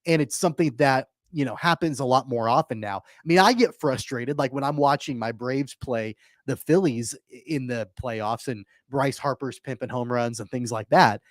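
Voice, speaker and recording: A man's voice: medium pitch, moderate pace, hardly any pauses, no room sound, studio quality. Hesitant male sports radio co-host. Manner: hesitant, restarting, conciliatory. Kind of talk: sports talk debate.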